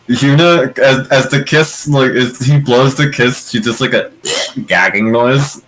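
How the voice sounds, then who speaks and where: A man's voice: medium pitch, fairly bright tone, slight background noise, low-quality recording. A man playing in a tabletop role-playing game, chatting casually and joking with hesitant fillers. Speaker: player.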